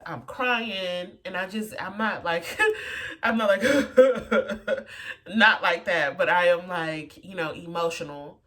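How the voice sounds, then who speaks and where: Woman, personal storytelling, casual with lots of fillers, lower voice, mic set back. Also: slow pace, a bit bright. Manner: casual, full of "like" and "you know" fillers. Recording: voice a bit far from the mic.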